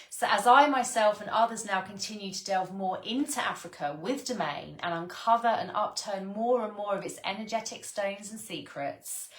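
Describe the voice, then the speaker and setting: A woman's voice: medium pitch, roomy sound. A woman reading her own spiritual book aloud in an earnest, gushing way, stopping for sighs and exclamations. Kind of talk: read-along of a spiritual book with personal asides.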